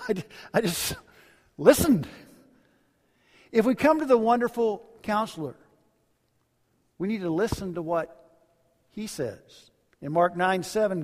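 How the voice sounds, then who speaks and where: A male pastor delivering a sermon, telling stories and dropping to quiet phrase endings. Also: high-pitched. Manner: storytelling preacher, varies volume widely, drops to quiet endings. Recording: long hall reverb.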